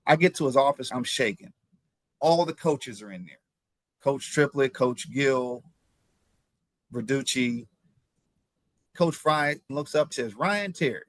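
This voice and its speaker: A man in his fifties from Ohio, a former pro football player recounting his journey as an interview guest, with animated telling and frequent repeated words. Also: medium pitch, slow pace, long pauses, no echo. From Ohio, USA. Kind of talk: interview storytelling.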